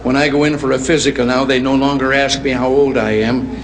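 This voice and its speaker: Here an older man gives a speech full of jokes, spinning folksy anecdotes with a dry sense of humor. His medium-pitched voice is flat and fairly quick, and the recording has long hall reverb plus faint noise.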